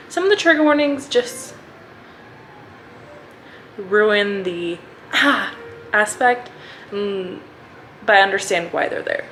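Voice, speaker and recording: A young woman vlogging about her reading in an easygoing, unscripted way. She gushes and rambles, stringing thoughts together with constant fillers. Her voice sits at an everyday middle pitch. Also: expressive, slow, long pauses, fairly bright tone, a little hiss or hum, low-quality recording. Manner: gushing, rambling, many "like" fillers. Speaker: book vlogger. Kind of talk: casual reading vlog chat.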